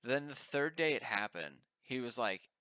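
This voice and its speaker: A man's voice: mid-range voice, lively intonation, normal speed, pushed and bright, no echo. A man co-hosting a podcast, telling a story in casual, swearing chat. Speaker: podcast co-host.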